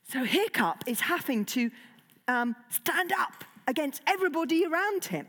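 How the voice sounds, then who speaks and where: A woman's voice: sits high, big pitch swings, moderate pace, a bit bright. A woman, a children's author, giving a chatty, digressive talk to children, with many fillers. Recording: long hall reverb.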